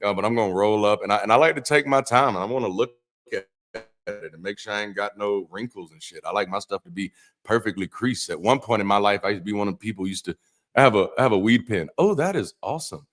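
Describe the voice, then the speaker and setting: A man's voice: on the low side, fast, a bit bright. A man, an ex-pastor, hosting a Bible study livestream as a loose casual chat, joking and cursing, with frequent repeats and restarts. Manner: loose, profane, joking asides; repeats words and restarts often.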